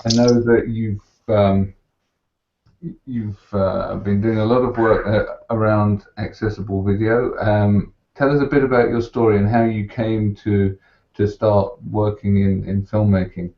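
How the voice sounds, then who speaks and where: A middle-aged man with a low voice hosts a casual interview, his questions unhurried and level in pitch. His audio comes through a muffled online call line with a roomy echo. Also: steady tone. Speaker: host.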